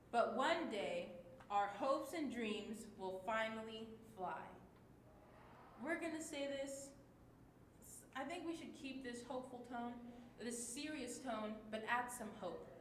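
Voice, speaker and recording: A woman teaching a livestreamed class, speaking slowly and encouragingly. Her voice sits a little high. The room is echoey, with a faint rumble behind her. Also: fairly bright tone. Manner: encouraging, marks the tone for each line. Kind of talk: livestreamed class, reading aloud.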